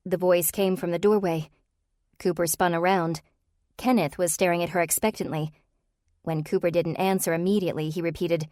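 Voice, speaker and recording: An audiobook narrator, a woman with a fairly low voice, reads a cozy mystery novel aloud at normal speed in a steady, even way. The scripted narration has a dry, clean studio sound.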